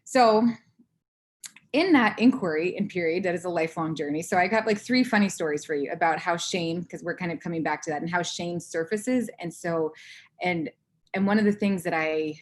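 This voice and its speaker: A woman in her thirties giving a candid personal talk to an audience, acting out her own inner voice in lively bursts. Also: on the low side, moderate pace. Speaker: conference speaker.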